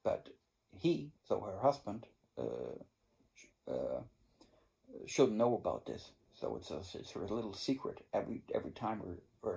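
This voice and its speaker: Gravelly-voiced man chatting casually. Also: fairly low pitch, sing-song, a little slow, mellow. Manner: chatty, rambling, frequent restarts and swearing. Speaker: cigar review channel host. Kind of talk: casual storytelling to viewers. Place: home in Germany.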